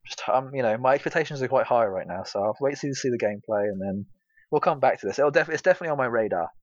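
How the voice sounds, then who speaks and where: A man's voice: medium pitch, lively intonation, fast talker, no echo. A man from Britain thinks aloud about upcoming games in a casual podcast, hedging and circling with fillers. His voice sits mid-range for a man. The recording is dry and slightly muffled. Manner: rambling, lots of fillers. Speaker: podcast co-host. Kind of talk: casual chat.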